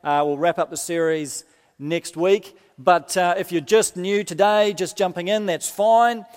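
A man's voice: sits high, steady tone, measured pace. A man preaching a sermon, talking conversationally and building to impassioned emphasis as he reads scripture aloud. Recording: long hall reverb.

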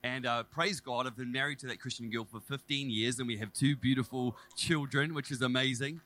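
Bright-voiced New preacher man. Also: medium pitch, a little fast. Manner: casual, animated, self-deprecating storytelling. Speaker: preacher sharing testimony. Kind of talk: sermon testimony. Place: church service.

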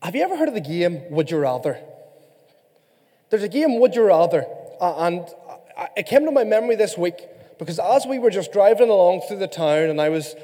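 A man from Ireland preaching a sermon, animated and playful with his congregation. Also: high voice, fairly quick. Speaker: pastor. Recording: reverberant hall.

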